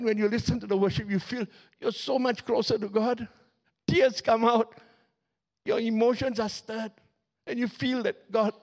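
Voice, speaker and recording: A middle-aged male pastor preaching a sermon in a lively, conversational way, with humor and spoken sound effects. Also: sits high.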